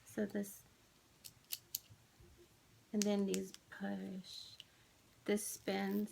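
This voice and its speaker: A woman's voice: medium pitch, completely flat delivery, drawn-out words, gravelly, mellow, slight background noise. A woman, rambling chattily with lots of fillers as she vlogs about her craft haul. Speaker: flosstube vlogger. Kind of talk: casual chatty haul video.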